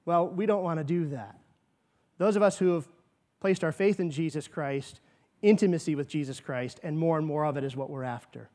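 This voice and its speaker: A man's voice: fairly high pitch, normal speed, a little mellow. A man preaching a sermon as pastor, earnest, with rhetorical questions and quoted asides.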